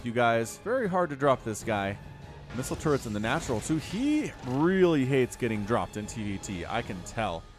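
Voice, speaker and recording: A young man casting a strategy game, chatty and animated, jumping up sharply when the action heats up. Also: medium pitch. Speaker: game caster. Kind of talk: game commentary.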